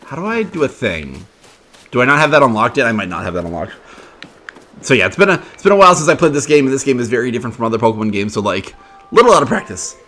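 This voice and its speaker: A man's voice: medium pitch, big pitch swings, fast talker, bright, forceful tone. A man hosting a video game let's play, chatting casually and rambling with fillers as he plays. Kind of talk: casual gameplay commentary.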